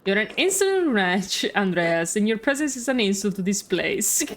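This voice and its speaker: A woman's voice: mid-range voice, sing-song, normal speed, slight background noise, close to an everyday voice. A stern proud old monk, as a woman reads him out. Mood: haughty. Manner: haughty, reproachful. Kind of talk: reading game dialogue aloud.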